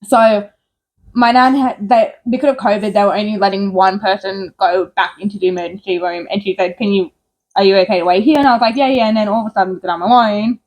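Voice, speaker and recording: A woman's voice: mid-range voice, fast talker. A young woman co-hosting and telling a story in a casual chat, laughing often. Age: young adult. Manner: laughs often, animated and chatty. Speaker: co-host.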